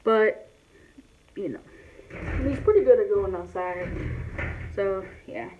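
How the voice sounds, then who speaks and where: A woman vlogging in a casual, rambling way, speaking loudly and filling her talk with "like" and restarts. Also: medium pitch, takes it slowly. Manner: talks loud. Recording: dull lo-fi sound with faint hiss.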